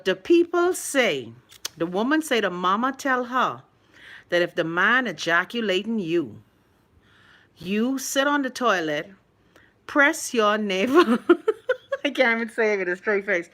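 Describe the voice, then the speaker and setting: A Bahamian woman hosting a live stream from her phone, chatting casually and reading out viewer comments, laughing often and talking in an animated, playful way. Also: a little high. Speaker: livestream host.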